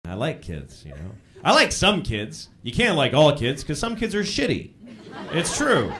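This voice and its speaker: A man's voice: on the high side, huge pitch swings, a little slow, fairly bright tone. A man doing a blunt, profane stand-up routine on a live stage. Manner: blunt, profane, wildly swinging delivery. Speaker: stand-up comedian. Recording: live stage recording with crowd laughter.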